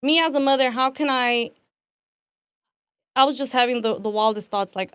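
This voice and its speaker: A woman in her twenties with a somewhat high voice tells her own story as a podcast guest. She talks casually, acts out what people said, and fills her speech with "like" and "man." The sound is dry and close. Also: normal speed, long pauses, clear, resonant tone, no echo. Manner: animated, acts out quotes, frequent "like" and "man".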